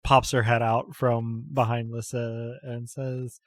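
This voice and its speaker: A man's voice: mid-range voice, flat delivery, a little slow, no echo, clean studio sound. A man narrating as game master, loosely, with many fillers.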